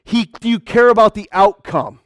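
A man's voice: sits high, moderate pace, a bit bright, no room sound. A man preaching a conversational sermon to a congregation, often calling out to the crowd. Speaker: pastor.

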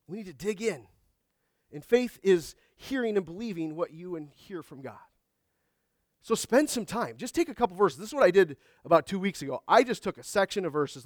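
A middle-aged man preaching in a high, light voice, close and dry with no room sound. He talks in a conversational way, slipping in homey jokes and little acted asides between points. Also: dry recording. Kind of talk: sermon.

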